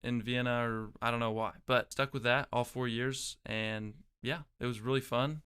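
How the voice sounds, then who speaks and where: A man's voice: mid-range voice, steady tone, moderate pace, fairly bright tone, clean tone. A young man, a guest in an interview, telling his own story in a reflective way and often restarting his phrases. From Oklahoma, USA. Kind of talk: casual personal storytelling.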